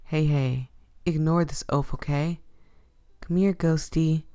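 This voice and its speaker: A woman's voice: deep voice, steady tone, slow pace, dark tone. A woman voicing a grumpy, brooding young male ghost-catcher in a visual novel, curt and dry. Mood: somber.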